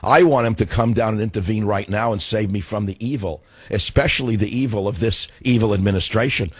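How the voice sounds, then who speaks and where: A middle-aged man hosting a radio talk show, hoarse as his voice gives out, ranting in a fiery, combative way. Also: lowish voice, no room sound. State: hoarse, voice going.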